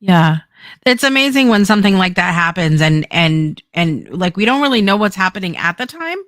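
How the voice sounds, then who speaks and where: A woman hosting a talk show, with a lowish voice and a dry, close sound. She thinks aloud and keeps restarting her sentences before she leads into a break. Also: expressive, normal speed, a bit bright, no echo. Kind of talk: interview talk.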